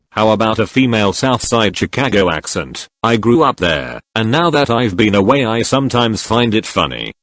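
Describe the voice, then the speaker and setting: Male narrator, lowish and animated, reads comments back to back, dry voice-over. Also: no echo. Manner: reads each comment in quick succession. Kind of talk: reading online comments aloud.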